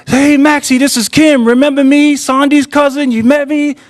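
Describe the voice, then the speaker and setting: A man's voice: extremely high pitch, flat delivery, moderate pace, dry recording, pitched above the performer's own voice. A man telling a story on stage who quotes an anxious young woman stranded at a bus station, pleading and apologetic, in a slightly raised voice. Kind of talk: quoted dialogue in live storytelling.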